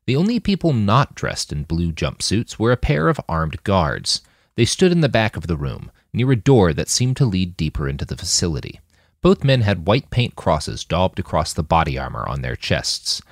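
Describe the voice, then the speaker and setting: A man narrating an audiobook chapter in a scripted, expressive reading on a close mic. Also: low-pitched, moderate pace, no echo. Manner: expressive, wide-ranging reading.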